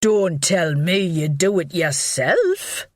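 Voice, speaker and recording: A woman's voice: on the high side, very animated, moderate pace, no room sound, pitched above the performer's own voice. A woman reading an audiobook, voicing a shrewd middle-aged police inspector with a dry, needling way of talking. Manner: dry, needling and mock-innocent. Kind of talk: audiobook character voice.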